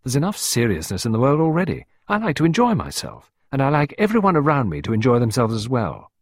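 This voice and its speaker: Man putting on a young woman, playful, teasing, high lively voice, breathy, storybook. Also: fast. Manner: light, teasing, coquettish.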